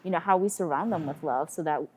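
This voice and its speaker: A woman's voice: deep voice, fast, a little mellow, husky. A woman in her thirties moderating a discussion, talking thoughtfully with many "you know"s and "right"s. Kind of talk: casual panel discussion.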